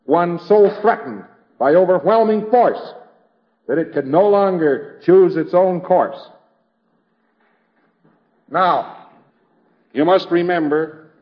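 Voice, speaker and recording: A man's voice: sits high, muffled recording. A man giving an informal lecture in a conversational, wry storytelling manner, slipping into quoted voices.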